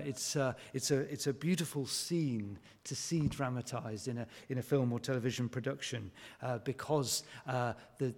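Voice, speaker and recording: A man preaching in a church, his speech set in a long, echoing church reverb. His voice is mid-pitched, and he talks in a chatty, conversational way, leaning on rhetorical questions and filling his pauses with "uh" and "um.". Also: a little mellow. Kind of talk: sermon.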